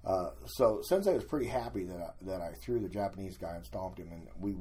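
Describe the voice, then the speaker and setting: An older man with a low, husky voice spins a casual story as a guest. He tells his anecdotes with energy and slips into the voices of the people in them. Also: fairly quick. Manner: animated anecdotes, acting out quoted voices.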